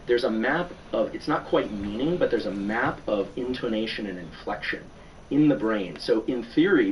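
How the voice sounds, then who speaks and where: A man, a neuroscientist guest on a podcast, explains research step by step in a measured, thoughtful way. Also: fairly low pitch. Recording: distant podcast audio with faint noise.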